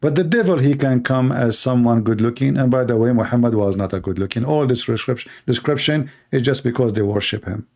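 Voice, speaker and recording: A man with an Arabic accent hosts a call-in debate show, his English full of teasing sarcasm and mockery. His voice is gravelly with a dark, mellow tone. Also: medium pitch, brisk, hardly any pauses. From Middle East. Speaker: host, Christian apologist. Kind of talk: debate show talk with callers.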